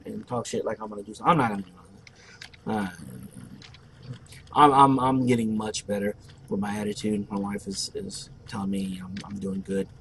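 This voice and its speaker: A man's voice: lowish voice, a bit bright. Man, brash and profane, gameplay narration, desk mic, faint noise. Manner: brash, profane, boastful storyteller. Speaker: gameplay commentator. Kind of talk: casual let's play storytelling.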